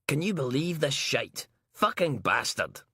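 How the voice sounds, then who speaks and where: A man's voice: mid-range voice, big pitch swings, measured pace, bright, forceful tone, husky, no echo, studio quality, pitched above the performer's own voice, heavily acted. Man voicing a sweary female inspector. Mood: furious. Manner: sweary, sarcastic, ranting. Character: foul-mouthed brash female detective inspector.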